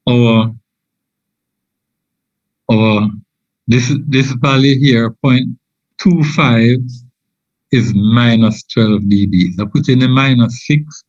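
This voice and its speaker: Slow, halting man lecturing. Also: mid-range voice, darkish tone, no echo. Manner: halting, many fillers and restarts. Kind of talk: informal university lecture. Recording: dull lo-fi dry audio.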